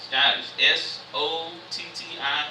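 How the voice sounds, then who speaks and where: Bright-voiced man preaching in echoey church. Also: on the high side, fairly even intonation, far from the mic, a little hiss or hum. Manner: reads scripture slowly, then explains in loose everyday slang. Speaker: church speaker. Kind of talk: casual sermon with scripture reading. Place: church sanctuary. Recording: echoey church room, mic from afar.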